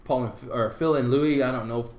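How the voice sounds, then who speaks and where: A man's voice: medium pitch, steady tone, normal speed, darkish tone, echoey room. A man co-hosting a podcast, telling a story in casual chat and acting out the voices of the people in it. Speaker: podcast co-host.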